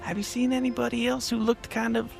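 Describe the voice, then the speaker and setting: A man voicing a smart, slow-talking male hyena companion with a Southern drawl. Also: very high voice, flat delivery, gravelly, a little mellow, soft background music, pitched above the performer's own voice, heavily acted. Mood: suspicious.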